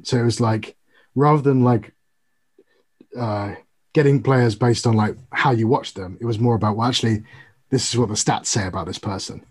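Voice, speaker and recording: Husky-voiced young British man chatting. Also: mid-range voice, moderate pace. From United Kingdom. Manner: animated storytelling, explains at length. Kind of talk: casual chat.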